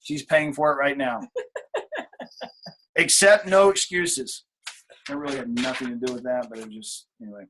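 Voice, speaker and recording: A man's voice: medium pitch, normal speed, pauses often, pushed and bright, slight background noise. A man in his late thirties leading a motivational team call, blunt and casual, swearing freely and repeating his key points. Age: late 30s. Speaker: team leader on a coaching call.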